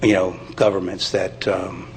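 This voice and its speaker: A man with a fairly low voice speaks earnestly before a county board. He restarts his sentences often and stays sincere and apologetic. A faint hum of the meeting room sits underneath. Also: flat delivery, measured pace, poor audio. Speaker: presenter speaking to county commission. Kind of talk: public meeting testimony. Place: county commission meeting chamber.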